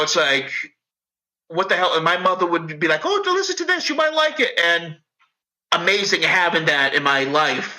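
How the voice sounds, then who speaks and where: A man's voice: a little high, sharp tone, poor audio. A middle-aged man with a thick Northeastern US accent, a podcast guest rambling and swearing, full of "like" and "you know". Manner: rambling, profane, heavy on fillers. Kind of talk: casual chat.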